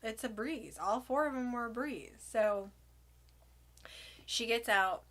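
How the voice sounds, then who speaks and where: A woman in her twenties, co-hosting and telling a birth story in animated, laughing casual chat. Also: fairly high pitch, takes it slowly. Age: 20s. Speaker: podcast co-host.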